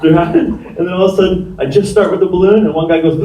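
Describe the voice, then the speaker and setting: A man's voice: high-pitched, steady tone, fast talker, dull audio. A man performing a stand-up comedy set as a magician, telling self-mocking stories in a chatty way full of "like". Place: live comedy stage in a venue. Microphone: filmed from the audience. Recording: distant roomy audience-camera recording with background noise.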